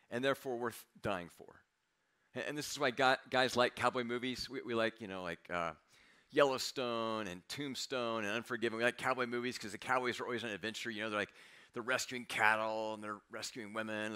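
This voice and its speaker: A man's voice: mid-range voice, bright, forceful tone, clean tone. A middle-aged American man preaching a sermon as pastor, conversational and confessional, sometimes dropping to a near-whisper.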